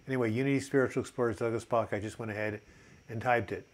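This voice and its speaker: A man's voice: mid-range voice, steady tone, fast talker. An older man hosting a casual live chat, upbeat and chatty as he reads out viewer comments, with plenty of fillers. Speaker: host of a mental health live chat.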